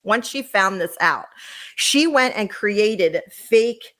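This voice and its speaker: A woman's voice: medium pitch, lively intonation, takes it slowly, fairly bright tone. A woman hosting a podcast, chatting casually and sarcastically as she gossips about reality TV and talks to her live chat. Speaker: podcast host.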